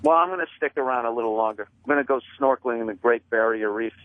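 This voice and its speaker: A man telling stories in a casual chat, deadpan and self-mocking, calling in as a comedian guest. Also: mid-range voice, fast talker, no room sound. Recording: dry tinny phone line.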